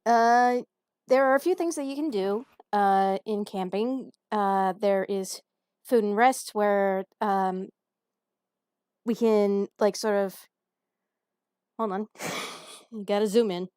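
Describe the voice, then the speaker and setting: A woman's voice: mid-range voice, takes it slowly, long pauses, darkish tone, clean tone, dry recording, studio quality. A woman playing in a tabletop role-playing game, chatting casually with hesitant, giggly speech. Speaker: player. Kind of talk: casual game play chat.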